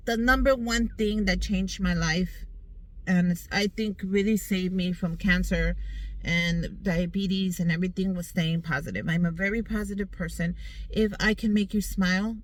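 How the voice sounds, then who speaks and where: A woman's voice: fairly low pitch, steady tone, moderate pace, rough recording. Woman, thirties, casual vlog, earnest, upbeat, talking to viewers, in a car. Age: 30s. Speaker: vlogger. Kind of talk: personal health story vlog. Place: in a parked car outdoors in sun.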